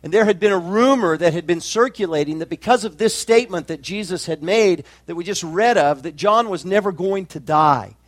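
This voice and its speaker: A pastor preaching a sermon with emphatic, rising climaxes and slow drawn-out phrases. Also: male voice, sits high, no room sound.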